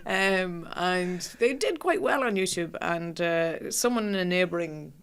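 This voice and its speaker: A woman's voice: on the low side, measured pace, clear, resonant tone. Self-mocking young Irish woman telling stories. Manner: self-deprecating, animated storyteller. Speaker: guest comedian. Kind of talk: casual storytelling chat.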